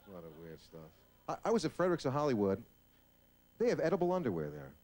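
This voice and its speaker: A man's voice: mid-range voice, wildly swooping pitch, fast talker. A male stand-up comedian on stage before a live audience, talking brashly and profanely and acting out voices. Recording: hissy old VHS tape recording.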